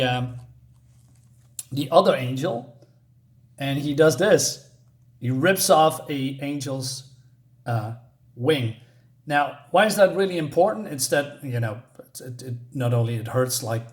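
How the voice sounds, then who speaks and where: Rambling, hesitant man reviewing a comic. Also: medium pitch. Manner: rambling, hesitant, many fillers and restarts.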